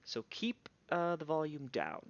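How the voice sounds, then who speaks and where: A man voicing a wary, guarded dark gnome man who talks slowly and formally. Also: fairly high pitch, sing-song, creaky, muffled recording, voice pushed up, heavily acted. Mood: cautious. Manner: slow, formal speech with hesitations.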